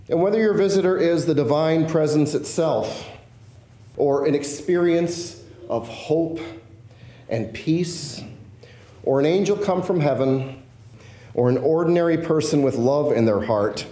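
A male pastor delivering a sermon, slowing and softening his voice on key phrases. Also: on the high side, lively intonation, echoey room.

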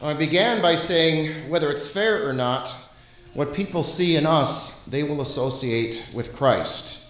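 Male preacher, earnest conversational delivery, fairly high voice, roomy echo. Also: expressive, measured pace, a bit bright. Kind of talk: sermon.

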